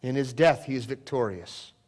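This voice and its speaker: A male pastor preaching a sermon, swinging from loud exclamations down to hushed, near-whispered lines. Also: mid-range voice, moderate pace. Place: church sanctuary. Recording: long church hall reverb.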